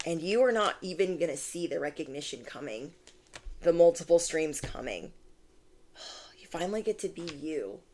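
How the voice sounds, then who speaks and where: A woman's voice: low-pitched, expressive, moderate pace, a little mellow, slight background noise. A young adult woman giving a casual tarot reading to her viewers, gushing and chatty, full of "like" and "oh my gosh". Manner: bubbly, gushing, many "like"s and "oh my gosh". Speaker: tarot reader.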